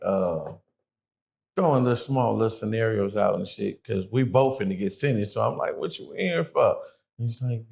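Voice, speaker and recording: A man's voice: medium pitch, creaky, a little mellow. A middle-aged man, a guest, telling a prison story in casual, profane street talk, acting out the people he quotes.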